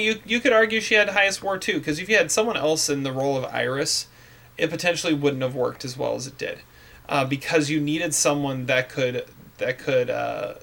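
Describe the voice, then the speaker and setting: A man's voice: on the high side, a bit bright. A man hosting a casual movie podcast, rambling with many fillers and restarts. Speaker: podcast host.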